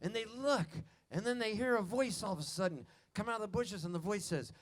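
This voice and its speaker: Giddy high-voiced man joking on stage. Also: brisk, few pauses. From Canada. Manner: giddy, laughs at his own jokes, rambling. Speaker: singer-songwriter performing live. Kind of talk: on-stage banter and storytelling. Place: outdoor festival stage. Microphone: stage vocal mic on the soundboard. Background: a band softly playing.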